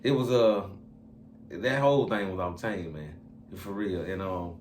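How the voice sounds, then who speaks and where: A man recounting his time in prison in a relaxed, rambling, slang-heavy way, as the guest of an interview. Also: low voice, unhurried. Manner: laid-back, rambling, slangy storyteller. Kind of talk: casual storytelling interview. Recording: echoey room with faint ambient noise.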